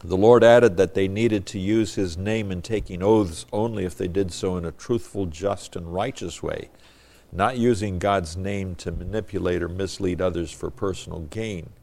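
A man preaching an expository sermon, reading scripture with rising emphasis and then explaining it in a measured, earnest way. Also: sits low, fairly even intonation, creaky, a little mellow. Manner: measured and earnest, with occasional fillers.

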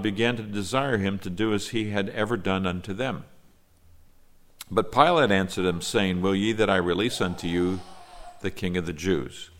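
A man with a very low voice delivers a sermon from the pulpit. He reads a long scripture passage aloud in archaic wording, then explains it in an earnest, measured way, with the odd "uh" when he speaks freely. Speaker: pastor.

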